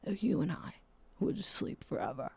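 Woman doing a lazy depression voice, low and drawly, coaxing, says dude a lot. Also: expressive, normal speed, gravelly, a little mellow, breathy edge, no room sound, heavily acted. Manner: drawling, slouchy, calls everyone dude.

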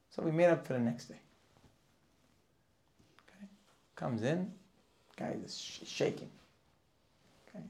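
A man preaching a sermon as a rabbi, telling stories and swinging from hushed asides to loud, emphatic lines. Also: a little high, lively intonation, unhurried, creaky, long pauses. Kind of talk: sermon with storytelling.

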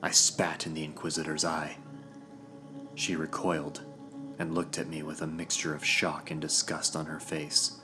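Man, audiobook narrator, first-person story, very deep voice, measured and grave, music behind. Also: flat delivery. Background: background music.

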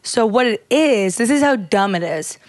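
A woman's voice: a little high, lively intonation, moderate pace, no room sound. A woman co-hosting a casual chat over a video call, explaining things at length with plenty of filler words. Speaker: co-host.

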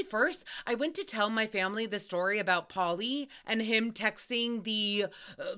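Bright, animated young woman telling stories. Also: on the high side, clean tone. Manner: animated, swearing, acts out quotes with loud outbursts. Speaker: podcast host. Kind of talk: casual storytelling recap.

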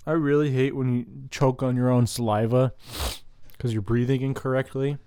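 Man, solo host, crude profane rambler, close mic, dead dry sound, mid-pitched voice. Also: fairly even intonation, moderate pace, mellow, smooth, no echo. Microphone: close microphone.

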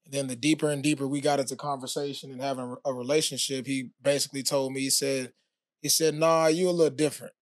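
A man, a former pro athlete, telling his story as a podcast guest in a relaxed, casual way with many fillers. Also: medium pitch, fast talker, dry recording, studio quality. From United States. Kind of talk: casual interview talk.

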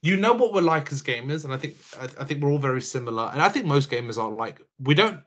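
A young man co-hosting a casual gaming podcast, animated and rambling, with the odd swear. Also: fairly high pitch, fast. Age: young adult. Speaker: podcast co-host. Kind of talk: casual chat.

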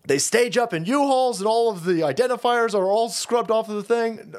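A man's voice: very high voice, moderate pace. A man hosting a livestream, delivering a heated, profane and mocking political rant. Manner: foul-mouthed, mocking, heated ranting. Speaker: streamer host.

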